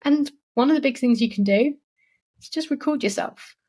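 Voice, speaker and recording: A woman's voice: high voice, normal speed, darkish tone. A woman hosting a solo podcast, giving marketing advice in a chatty, encouraging way with frequent "like" and "you know". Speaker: podcast host.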